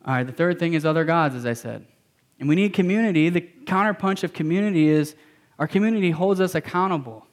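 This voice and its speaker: Man, pastor, sermon, emphatic, repetitive, casual slang, fairly high voice. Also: quick pace.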